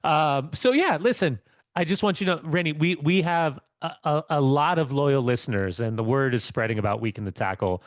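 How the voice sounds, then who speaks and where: A man's voice: on the high side, expressive, a little fast, no room sound, clean studio sound. A man co-hosting a podcast and chatting casually, telling rambling stories with lots of restarts. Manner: rambling storyteller with many restarts. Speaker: co-host.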